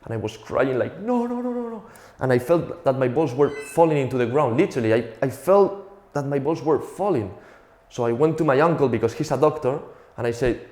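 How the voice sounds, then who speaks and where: A man's voice: mid-range voice, a little fast, darkish tone, roomy sound. A young man from Spain with a Spanish accent, telling a profane, self-mocking stand-up comedy routine.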